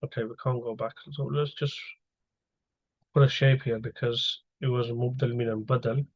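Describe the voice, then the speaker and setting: Male teacher, mid-pitched, patient slide-by-slide explainer; slightly dull recording. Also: little pitch movement, normal speed. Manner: patient, explains step by step with questions to students. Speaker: Arabic grammar teacher. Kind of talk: online lecture over slides.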